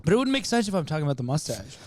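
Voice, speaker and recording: A man's voice: on the high side, sing-song, rapid-fire, darkish tone, no room sound. A man co-hosting a comedy podcast, rambling through a story about his own stand-up set and laughing as he goes. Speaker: podcast co-host. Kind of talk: casual comedy chat.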